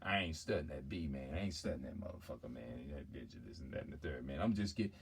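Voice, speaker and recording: A man voicing a crude young man bragging about women, with a low gruff mumble and a drawl, repeating "man" constantly. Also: expressive, fast, full character voice. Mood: dismissive.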